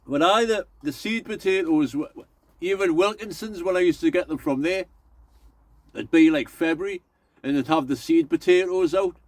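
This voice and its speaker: Middle-aged man, rambling folksy chat, slightly high voice, dry close sound. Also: normal speed, dry recording. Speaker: allotment vlogger. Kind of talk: casual chatty vlog.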